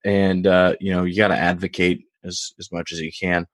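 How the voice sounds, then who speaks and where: A man's voice: sits low, little pitch movement, moderate pace, dry recording, studio quality. A man co-hosting a podcast, chatting and rambling through a story. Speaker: podcast co-host. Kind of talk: casual chat.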